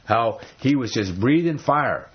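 A man's voice: medium pitch, expressive, measured pace, husky, muffled recording. A man teaching from the Bible in a conversational sermon, emphatic and full of rhetorical questions. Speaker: preacher.

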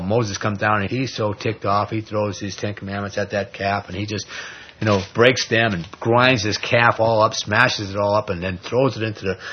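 A man teaching an informal Bible study, retelling scripture in a conversational, animated way with plenty of fillers. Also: fairly low pitch, slightly rough. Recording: dull lo-fi recording.

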